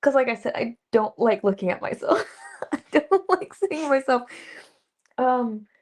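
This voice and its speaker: A young woman, an actress guest, chatting casually in an interview and telling lively stories with laughs and acted-out quotes. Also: high-pitched, unhurried. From Dallas area. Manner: animated storyteller, laughs often, acts out quotes.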